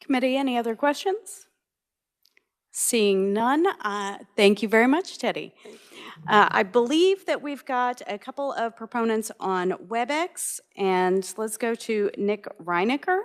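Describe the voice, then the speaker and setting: Brisk woman chairing a committee hearing. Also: a little high, animated. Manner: brisk and procedural. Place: large legislative hearing room. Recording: reverberant hearing room audio.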